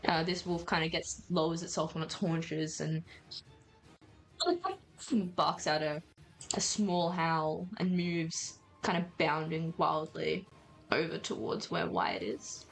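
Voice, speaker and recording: A woman with a fairly low voice runs a tabletop game as game master. She narrates in a relaxed, chatty way and laughs often. Soft music plays faintly in the background. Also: slow, gravelly, low-quality recording.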